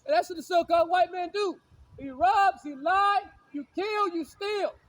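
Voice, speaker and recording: High-voiced man preaching confrontationally. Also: moderate pace, no room sound, poor audio. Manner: repetitive, insulting, shouts lines again and again. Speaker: street preacher. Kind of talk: confrontational preaching with scripture readings.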